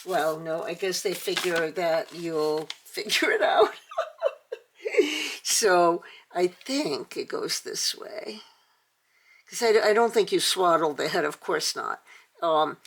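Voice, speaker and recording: A woman's voice: on the low side, lively intonation, slow pace. An older woman hosting a casual toy unboxing, chatty and gushing, with many fillers. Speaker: toy channel host.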